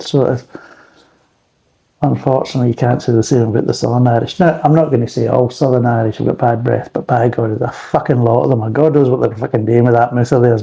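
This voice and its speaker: A man's voice: medium pitch, creaky, dark tone, breathy edge, poor audio. A man reviewing beer in a rambling, blunt casual chat, swearing freely.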